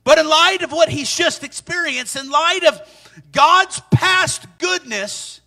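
High, bright-voiced male preacher. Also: slow. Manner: animated, sing-song preaching with sudden loud peaks. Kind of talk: sermon.

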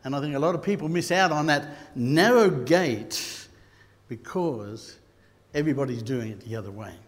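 An Australian man preaching a sermon, telling stories and rising to loud bursts. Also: medium pitch, animated, normal speed. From Queensland, Australia. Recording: long hall reverb.

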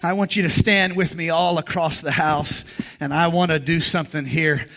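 A man preaching a sermon in a church, leading the congregation in call-and-response and rising to loud, emphatic peaks. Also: a little high, steady tone, moderate pace, gravelly. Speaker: pastor. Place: church sanctuary. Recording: music playing behind.

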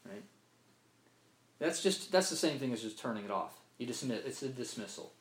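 Earnest preacher in an echoey room. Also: male voice, medium pitch, lively intonation, fast. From Mississippi. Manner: earnest, repeats words, asks "right?" often. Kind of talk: sermon. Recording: roomy echo, faint ambience.

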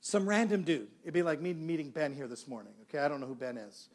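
A man's voice: on the high side, fast. A middle-aged male pastor preaching a sermon, telling a story and acting out the dialogue. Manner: animated storyteller, acts out dialogue.

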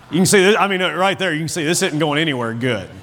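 Animated preaching man. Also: on the high side. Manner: lively preaching with asides and chuckles, reading scripture aloud. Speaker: pastor. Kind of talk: sermon. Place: church sanctuary.

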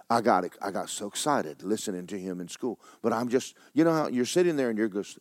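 A middle-aged man preaching a sermon in folksy storytelling, swinging from hushed tones to excited shouting. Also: lowish voice, fast talker, hardly any pauses, dry recording.

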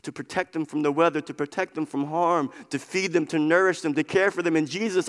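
A man's voice: on the high side, normal speed. A man preaching a sermon, impassioned and repetitive, driving his points home with repeated phrases. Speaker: pastor. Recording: long hall reverb.

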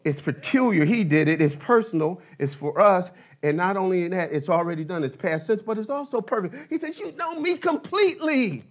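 A man in his fifties preaching a sermon, building to emphatic shouted bursts and dropping into playful asides. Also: sits high, animated, a little fast, hardly any pauses. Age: 50s. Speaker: pastor.

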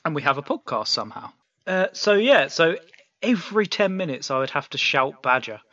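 Bright-voiced man spinning silly stories. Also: on the high side, very animated, a little fast. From United Kingdom. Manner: playful, exaggerated storytelling. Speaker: podcast co-host. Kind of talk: casual comedic chat. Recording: dull lo-fi sound.

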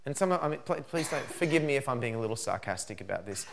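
A man's voice: medium pitch, fast talker, gravelly, a little hiss or hum. A man giving a parenting seminar to a live audience, acting out what parents and children say. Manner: animated, acts out parent and child lines. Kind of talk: seminar talk with acted examples.

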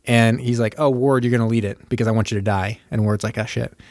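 A man in mid pitch recaps a film plot on a casual podcast. He keeps breaking into quick impressions of the characters. His voice is recorded dry and close, with no room around it. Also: no room sound. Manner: animated retelling, acting out characters' lines. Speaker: podcast co-host. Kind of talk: casual movie recap chat.

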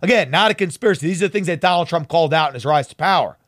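Man, talk show host, heated sarcastic rant, high voice, dry close sound. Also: lively intonation, racing, a bit bright, no room sound. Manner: fiery, emphatic, sarcastic. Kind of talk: heated political commentary.

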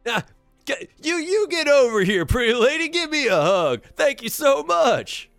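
A man's voice: extremely high pitch, very animated, measured pace, gravelly, a bit bright, dry recording, faint music behind, voice pushed up, full character voice. A man voicing a laid-back, vain young surfer-dude man who drawls "man" and "dude.". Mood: excited, friendly.

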